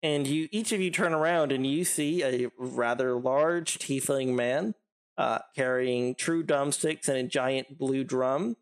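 A man's voice: mid-range voice, unhurried. A man narrating a tabletop game as game master, rambling with many fillers and laughing easily.

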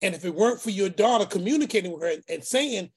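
A man tells a long family story, acting out the people in it and repeating words for effect. His voice is somewhat breathy and husky. At times his tone turns preacherly. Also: high voice, quick pace. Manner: animated, acts out voices, repeats phrases; preacherly, speaks of faith. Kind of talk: casual storytelling.

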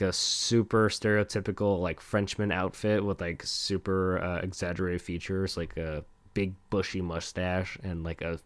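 Host: young man, deep voice, dry close mic, loose and rambling. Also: dry recording. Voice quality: rambling, self-deprecating, swears a lot. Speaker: podcast host. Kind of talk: casual solo podcast rambling. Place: home desk. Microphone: close desk mic.

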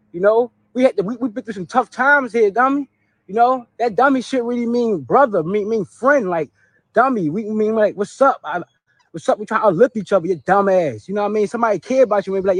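A man's voice: high voice, dry recording. A man ranting casually and emphatically, stammering on restarts and hammering the same word. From Baltimore, USA. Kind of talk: casual rant.

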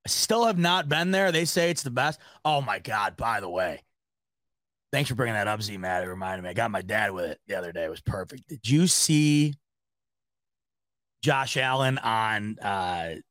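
A man hosting a sports podcast, chatting casually and telling stories in a rambling, animated way. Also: fairly low pitch, no room sound. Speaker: podcast host.

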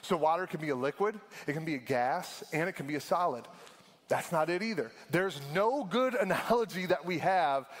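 A young adult man preaching a sermon as a pastor, animated and conversational, laughing often. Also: on the high side, normal speed. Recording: long hall reverb.

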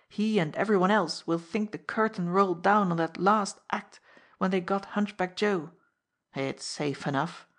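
A woman's voice: lowish voice, close to an everyday voice. A woman voicing a cool, contemptuous male gangster who speaks in a clipped, emphatic way. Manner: clipped, sharp, slow and emphatic.

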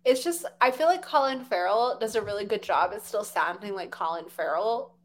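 A woman's voice: medium pitch, expressive, moderate pace. A young woman in casual chat as a podcast co-host, chatty with lots of fillers.

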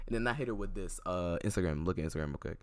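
A man's voice: low-pitched, very fast, smooth, no echo. A young man co-hosting a casual chat, telling a long story with many restarts and acting out both sides of a text exchange.

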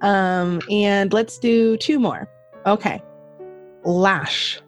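A woman's voice: mid-range voice, fairly even intonation, extremely slow, faint music behind. A woman hosting a casual podcast chat, laughing often and swearing freely. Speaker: podcast host.

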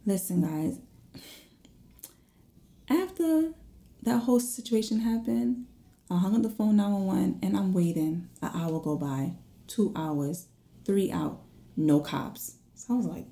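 Gravelly dark-voiced woman telling a story. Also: mid-range voice, unhurried. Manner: animated, acts out her own and others' voices, drops to whispers. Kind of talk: casual storytelling to viewers.

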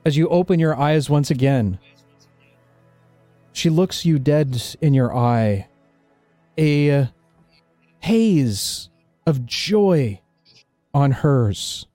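A man narrating a tabletop role-playing game as dungeon master, describing scenes slowly with small hesitations. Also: on the high side, lively intonation, mellow, no room sound, faint music behind.

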